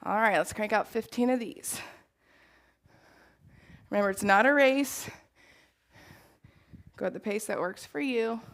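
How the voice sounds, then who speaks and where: A woman's voice: on the high side, measured pace, long pauses, rough recording. A woman fitness instructor leading a live workout, upbeat and encouraging, who laughs often.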